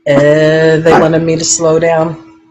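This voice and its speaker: A woman hosting a relaxed live paranormal chat from a room in her home, rambling and chatty. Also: deep voice, slow pace, low-quality recording. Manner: rambling, chatty, laughs often.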